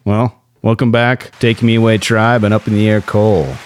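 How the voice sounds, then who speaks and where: A man's voice: on the low side, level tone, moderate pace, slight background noise. A man hosting a casual movie podcast, upbeat and chuckling between remarks. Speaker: podcast host.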